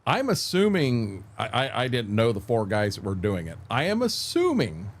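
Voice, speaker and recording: A man's voice: lowish voice, moderate pace. An older American man streaming a game and telling salty army stories in a casual, profane way. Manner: profane, animated war-story telling.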